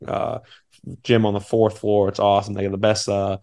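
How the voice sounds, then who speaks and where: A man's voice: fairly low pitch, monotone, normal speed, darkish tone. A man in his thirties from Maine, an assistant basketball coach telling an eager, rambling story on a podcast. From Maine, USA. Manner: eager, rambling, many restarts.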